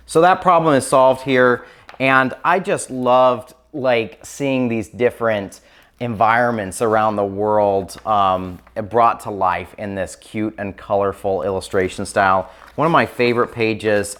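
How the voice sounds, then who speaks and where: A man's voice: on the low side, fairly bright tone. A man casually reviewing children's picture books on camera, chatty and enthusiastic, with plenty of ums and likes. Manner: chatty, filler-heavy, enthusiastic. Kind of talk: casual book review chat.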